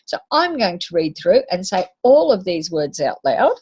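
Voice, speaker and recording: A woman's voice: lowish voice, big pitch swings, normal speed, a little mellow, breathy edge. A woman teacher giving a patient phonics lesson to young children, sounding out letters and words.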